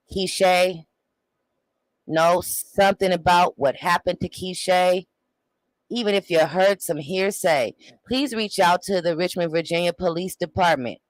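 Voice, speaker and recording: A man's voice: sits high, no echo, rough recording. A man in his forties hosting a show, making emotional, preacher-like appeals to his viewers. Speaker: show host. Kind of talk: livestream commentary.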